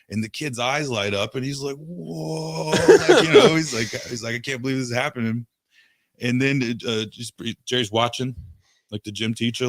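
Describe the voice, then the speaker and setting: A man's voice: medium pitch, no echo. A man spinning a loose, rambling story over casual chat, his voice sitting in an ordinary middle register. He swears freely and slips into brief impressions of the people in the tale. The sound is dry and close, with no room around it. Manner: rambling, profane, does quick impressions of people in stories. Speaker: podcast host.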